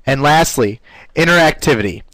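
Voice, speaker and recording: A man teaching a live online class in an upbeat, conversational way, often pausing with "uh" fillers. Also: lively intonation, fairly bright tone, dry recording, poor audio. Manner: playfully shifts pitch to demonstrate voice technique. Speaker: webinar presenter.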